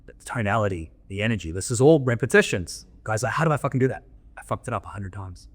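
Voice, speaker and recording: As a podcast guest, a men's coach from Australia shares frank stories with blunt, coach-like delivery and plenty of swearing. He talks fast in a lowish, breathy voice with lively intonation.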